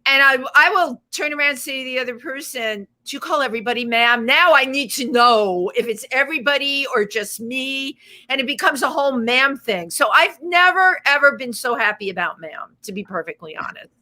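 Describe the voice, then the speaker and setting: A woman from the Bronx, co-hosting a casual talk show, animated and quick to jump in. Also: high-pitched. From the Bronx, New York. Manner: animated, quick, exclaiming, interrupts playfully. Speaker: co-host. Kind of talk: casual chat.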